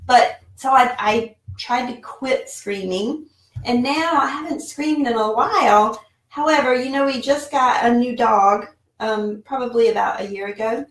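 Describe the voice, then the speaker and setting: A woman's voice: a little high, unhurried, far from the mic. A woman in her forties chatting casually in a vlog from her home office, rambling with many fillers. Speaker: online seller and vlogger. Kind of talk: casual talking-head vlog. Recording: roomy echo, mic set back.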